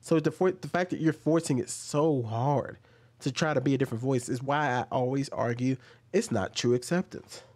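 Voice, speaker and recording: A man's voice: mid-range voice, normal speed, darkish tone. A man commentating on video clips, arguing his point and climbing into heated rants. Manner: argumentative, rising into heated ranting.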